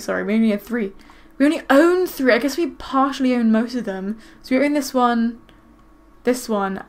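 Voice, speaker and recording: Woman, casual gameplay commentary host; high voice, excitable, gushing. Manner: excitable, gushing, squeals with delight. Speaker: gaming video host.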